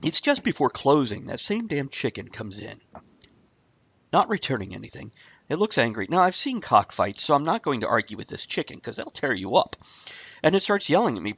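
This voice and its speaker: A man hosting a casual talk show, telling a rambling shaggy-dog story with deadpan asides. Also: mid-range voice, fairly quick, creaky, slightly rough, no room sound, highs cut off.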